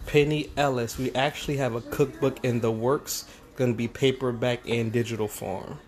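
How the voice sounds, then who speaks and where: A man's voice: mid-range voice, fairly even intonation, normal speed. A slightly congested man co-hosting a cooking livestream, reading and greeting viewer comments in a friendly, playful way. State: a bit congested. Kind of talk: casual livestream chat.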